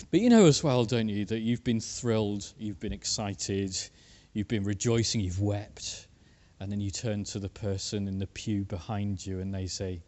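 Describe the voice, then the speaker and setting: A man preaching a sermon, talking to the congregation with rhetorical questions and frequent filler pauses. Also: mid-range voice. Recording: long hall reverb.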